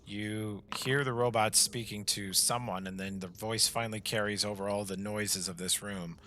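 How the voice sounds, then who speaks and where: A man running a tabletop game, painting each scene out loud with the odd filler. His voice sits fairly low, with a bright, forceful tone. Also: fairly even intonation, normal speed, slight background noise. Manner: descriptive narration with fillers. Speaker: game master.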